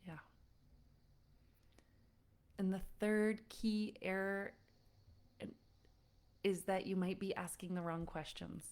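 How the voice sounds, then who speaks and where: A woman parenting coach giving an online lesson to parents, animated and often laughing as she acts out frustrated parents. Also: medium pitch, moderate pace.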